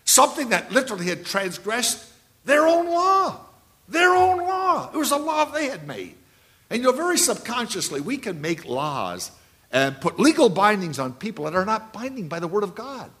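A man around seventy preaching a sermon, telling anecdotes and repeating key phrases, swinging between loud and hushed delivery. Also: high voice, sing-song, normal speed.

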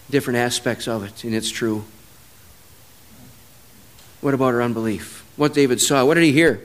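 A man preaching a sermon, telling a personal story, who swings from low, quiet stretches to loud, emphatic peaks. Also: a little fast, pauses often.

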